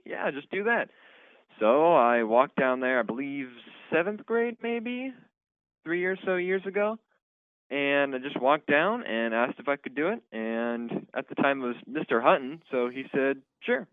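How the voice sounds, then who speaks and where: A teenage boy, a high school student actor, answering interview questions with some hesitation and filler words. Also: animated, normal speed, no echo. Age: teens. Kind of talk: phone interview. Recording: tinny phone line.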